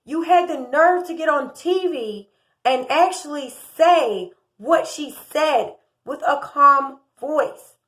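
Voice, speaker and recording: American woman, 30s, high voice, heated opinionated commentary, gets louder as she argues. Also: expressive, slow. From United States. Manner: impassioned, indignant, rising in volume. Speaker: true crime commentator.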